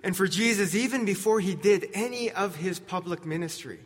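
A man preaching a sermon as pastor, earnest, swinging between emphatic questions and soft, quiet lines. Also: high voice, moderate pace, husky. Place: church sanctuary. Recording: long hall reverb.

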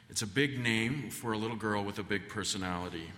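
Speaking on the low side and fairly quickly, this guest preacher tells rambling family anecdotes in his sermon, with plenty of fillers and restarts. His tone is pushed and bright, and the sanctuary adds a long reverb.

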